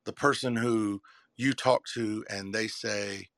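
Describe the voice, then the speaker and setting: A keynote speaker and messaging coach delivers a motivational talk to a live audience, emphatic and preacher-like, with dramatic pauses and repeated phrases. His voice is on the low side, gravelly and a bit bright, with fairly even intonation and no echo.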